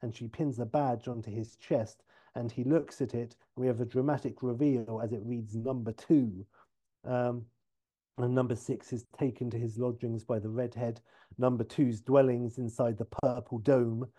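A man casually retelling a TV episode idea in a loose, rambling storytelling pitch. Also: level tone, normal speed, warm tone. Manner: loose, filler-heavy retelling. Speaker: podcast host pitching a TV episode.

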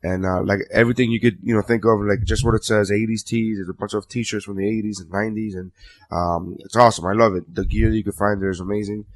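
Low-voiced man plugging sponsors loosely. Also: fairly even intonation, fast talker. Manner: loose, filler-heavy, rambling plugs. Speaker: podcast host. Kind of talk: casual chat.

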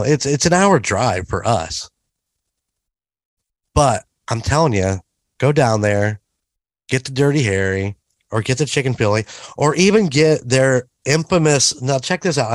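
A man on a podcast talks loosely and eagerly about a restaurant he loved, his voice sitting at an ordinary middle pitch. The sound is close and dry, with no room around it. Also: dry recording. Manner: chatty, enthusiastic restaurant recommendations. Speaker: podcast co-host. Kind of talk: casual chat.

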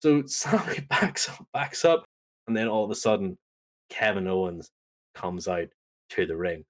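A man on a podcast casually recapping a wrestling show, telling it as a lively story and acting out the lines. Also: low-pitched, a little slow. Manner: animated storytelling, acts out quotes. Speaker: podcast co-host.

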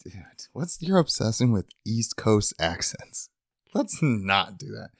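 Low voice podcast guy, dry and wry, super close dead mic. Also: sing-song, slow pace, creaky, dry recording. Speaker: podcast co-host. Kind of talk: comedic podcast banter.

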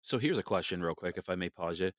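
A man hosting a talk show, politely breaking in with quick questions for his guest. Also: deep voice, expressive, no echo, studio quality. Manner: polite, interjects with short questions. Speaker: show host. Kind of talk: casual interview questions.

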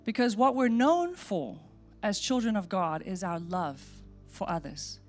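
A woman's voice: medium pitch, expressive, unhurried. A woman pastor giving a sermon and altar call, earnest and repeating short phrases as she prays aloud. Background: soft music.

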